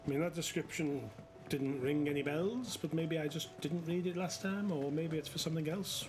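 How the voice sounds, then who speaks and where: A man casually commentating while he plays a video game, excitable, cheering and cursing at enemies. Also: fairly high pitch, moderate pace. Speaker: streamer playing a video game. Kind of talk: casual live commentary over gameplay. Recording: loud game music and combat sounds behind.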